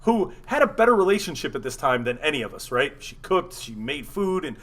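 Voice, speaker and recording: A man hosting a casual talk show, telling a story in an animated, profane way. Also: a little high, fairly quick. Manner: animated, profane, acts out quotes. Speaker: podcast host.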